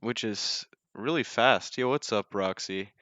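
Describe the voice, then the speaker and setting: A young man calling a live game in a casual, joking tone, quick to poke fun at himself. His voice sits a little low. The home mic sounds dry and slightly dull. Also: pushed and bright, no room sound. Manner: casual, joking, self-deprecating, with many fillers. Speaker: esports caster.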